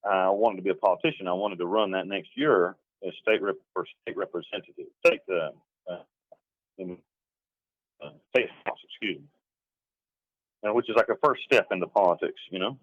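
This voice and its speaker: A man's voice: low-pitched, moderate pace, pauses often, dry recording, lo-fi sound. A middle-aged man from North Carolina, recounting his past in a rambling, emphatic interview, sometimes acting out what others said. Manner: rambling, emphatic, slips into acted quotes. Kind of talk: telling his story in an interview.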